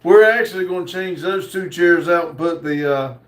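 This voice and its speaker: A man hosting a casual livestream, reading viewer comments aloud in an unhurried, joking way with frequent pauses. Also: on the high side. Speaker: livestream host. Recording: roomy echo.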